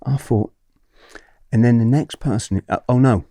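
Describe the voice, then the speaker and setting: A man's voice: medium pitch, moderate pace, warm tone, no room sound, clean studio sound. A man in his forties telling a story as a podcast guest, acting out what other people said, swearing and laughing often.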